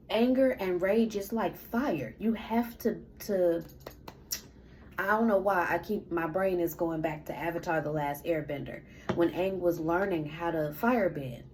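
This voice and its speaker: A woman's voice: on the low side, a little slow, darkish tone, a little hiss or hum, low-quality recording. A woman venting to camera in a personal rant, a parent and student, talking bluntly and emphatically with lots of swearing. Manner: blunt, emphatic and profane, with bursts of laughter.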